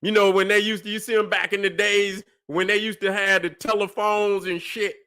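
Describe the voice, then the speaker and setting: A man hosts a livestream in a high-sitting voice that is bright, forceful, clear and resonant, keeping a level tone at normal speed. He preaches at his listeners with profanity and emphasis, constantly asking "you see what I'm saying."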